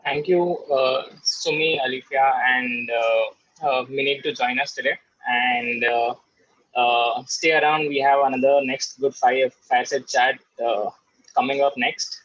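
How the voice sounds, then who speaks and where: A man hosting an online event, halting with many fillers. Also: medium pitch, steady tone, fairly bright tone, dry recording. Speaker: event host. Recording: dull lo-fi audio.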